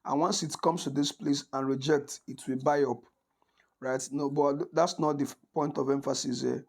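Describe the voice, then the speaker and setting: A man's voice: medium pitch, fairly even intonation, moderate pace, vocal fry. A man giving a screen-recorded trading tutorial, talking casually and checking in with listeners by asking "right?" and often restarting his sentences. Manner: conversational, checks in with frequent "right?"; restarts and corrects himself often. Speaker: forex trading instructor.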